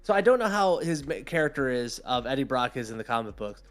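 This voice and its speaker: A man's voice: medium pitch, fast talker, soft background music. A man co-hosting a podcast, ranting in casual chat, swearing and acting out quotes. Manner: animated, swearing, acts out quotes. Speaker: podcast co-host.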